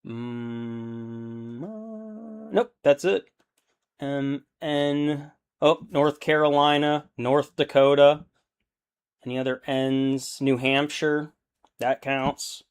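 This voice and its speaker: A man's voice: medium pitch, very slow, pauses often, clear, resonant tone. A young adult man chatting casually on a live stream while painting miniatures, rambling, thinking aloud and laughing easily.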